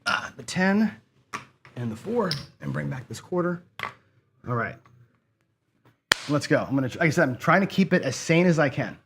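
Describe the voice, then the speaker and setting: A man's voice: a little high, animated, normal speed, vocal fry, long pauses, noisy background. A man hosting a live online craps stream, chatting to viewers and getting frustrated and cursing as he loses. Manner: frustrated, swearing, talks to chat. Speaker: online casino game host. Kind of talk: casual live-stream commentary.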